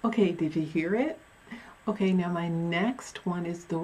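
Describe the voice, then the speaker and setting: A woman chatting casually in an unhurried, hesitant way. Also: lowish voice, mellow, husky. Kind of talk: casual chat.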